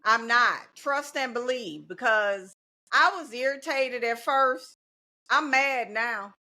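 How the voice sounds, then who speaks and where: Her voice on the high side and sharp in tone, this middle-aged woman takes her time as a podcast guest. A teacher and union organizer, she's determined yet casual, leans on slogans, and laughs readily.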